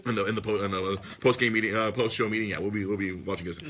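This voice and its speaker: An excitable story pours out of this podcast host from around Los Angeles, his fairly low male voice racing along. He swears without restraint and breaks into shrieking, loud impressions.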